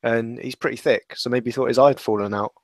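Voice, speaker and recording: A man's voice: mid-range voice, steady tone, fast talker, no room sound. A man chatting about football on a podcast in a matter-of-fact way. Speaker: podcast guest. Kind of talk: casual podcast chat.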